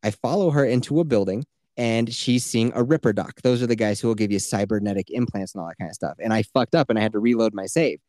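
A man's voice: lowish voice, fast talker, darkish tone, dry recording, studio quality. A man hosting a podcast, telling a long rambling story in casual chat, swearing freely and leaning on filler words. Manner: rambling and profane, full of "like" fillers. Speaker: podcast host.

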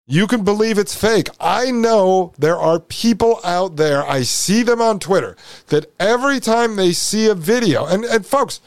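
A man's voice: high-pitched, no echo. Insistent male podcast host, dry sound. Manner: emphatic, insistent and repetitive. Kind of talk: commentary over a played video.

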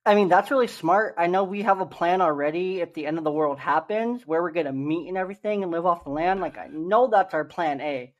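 A man's voice: high voice, fairly quick, hardly any pauses, dull audio. A young man co-hosting a casual podcast, upbeat and joking about himself, doing the ad reads in a salesy way. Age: young adult. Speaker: podcast co-host. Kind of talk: casual podcast chat and ad read.

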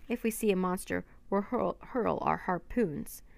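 A cheerful male sailor, as a woman puts him on, hearty and teasing in a storybook reading. The voice has a rough, gravelly edge and sounds dry. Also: on the low side, unhurried, a little mellow, no room sound.

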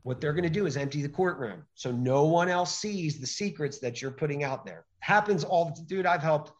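A man speaking as a podcast guest, emphatic and animated, often acting out little exchanges as he explains. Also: on the high side, normal speed, muffled recording. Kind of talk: conversational interview.

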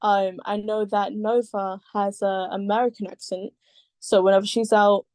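A woman's voice: medium pitch, little pitch movement, normal speed, a little mellow, no room sound. A woman talking as a podcast guest in casual chat, rambling with many fillers and the odd swear word.

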